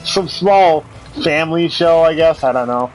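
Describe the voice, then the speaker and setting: A man's voice: on the high side, normal speed, a little hiss or hum, low-quality recording. A man co-hosting a casual gaming stream, chatty and sarcastic, laughing often. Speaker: podcast co-host.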